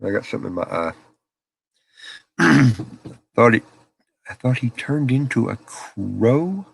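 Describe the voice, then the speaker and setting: A man's voice: medium pitch, big pitch swings, takes it slowly, gravelly, breathy edge. Folksy man chatting on a live stream. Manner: folksy storyteller, laughs often. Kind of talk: casual live chat with viewers. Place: small office out back.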